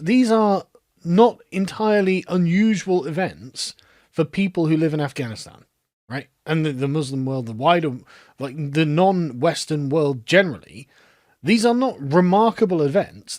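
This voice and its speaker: A man's voice: high-pitched, dry recording, studio quality. A man ranting in a sarcastic, exasperated commentary and laughing mid-rant. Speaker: political commentator.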